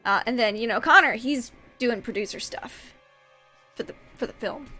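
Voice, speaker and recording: A woman's voice: a little high, normal speed, bright, forceful tone, soft background music. Chatty woman playing a tabletop character. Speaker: player.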